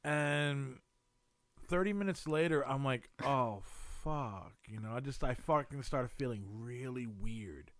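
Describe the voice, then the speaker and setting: A man, a podcast guest, casually telling profane, animated stories with lots of slang. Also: mid-range voice, measured pace, dry recording. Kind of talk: casual storytelling chat.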